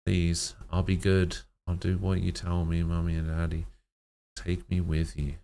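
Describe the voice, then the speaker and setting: A man's voice: deep voice, flat delivery, unhurried, creaky, dark tone. A man voicing a frightened, dying little girl who clings to her family and pleads tearfully. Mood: pleading.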